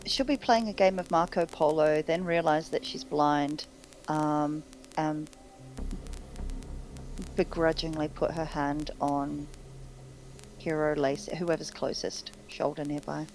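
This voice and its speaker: Low voiced woman playing a tabletop game, dry deadpan jokes, soft music under it. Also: takes it slowly, pauses often, rough recording. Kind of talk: casual play talk.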